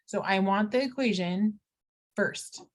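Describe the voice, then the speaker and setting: Middle-aged lady teacher, chatty, explaining math step by step, normal pitch. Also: takes it slowly. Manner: chatty, talks students through steps, playful asides. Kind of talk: recorded math lesson walkthrough.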